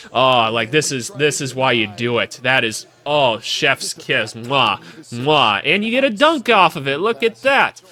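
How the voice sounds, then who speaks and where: A man calling out basketball clips in a casual, excitable way, joking and cheering plays as he watches. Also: on the high side. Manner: excitable, jokey, voices players in asides. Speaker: basketball analyst. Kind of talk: casual video commentary over game clips.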